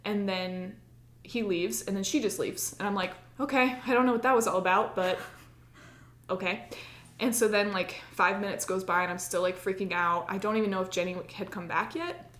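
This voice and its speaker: A woman's voice: medium pitch, fairly even intonation, moderate pace, a bit bright, reverberant. A woman on a podcast telling a personal story in casual chat, full of "like" and acting out her own past lines. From United States. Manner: chatty, many likes, acts out her own past lines. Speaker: podcast co-host.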